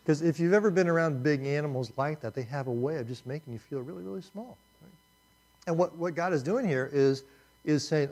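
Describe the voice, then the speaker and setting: A man teaching a Bible passage as a pastor, telling a story and asking his listeners questions in a relaxed, conversational way with frequent restarts. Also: a little high, brisk. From Indianapolis, US. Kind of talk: sermon with storytelling.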